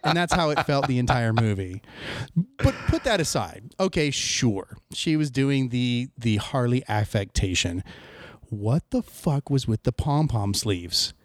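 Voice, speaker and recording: A man's voice: medium pitch, expressive, measured pace, no room sound. A man co-hosting a casual podcast, ranting with sarcasm and plenty of swearing. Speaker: podcast co-host. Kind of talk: casual chat.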